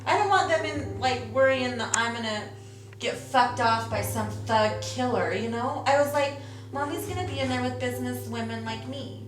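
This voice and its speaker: A woman who runs an escort business speaks candidly for a documentary camera, casual and quick to swear as she tells her stories. Her voice sits a little high, and the room sounds echoey. Music plays clearly underneath her. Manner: casual, profane storytelling. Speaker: escort agency owner. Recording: roomy sound with music behind.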